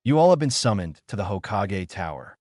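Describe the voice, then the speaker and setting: A man voicing a masked male guard speaking in a flat monotone, in a storybook reading. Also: lowish voice, a little fast, no echo, studio quality.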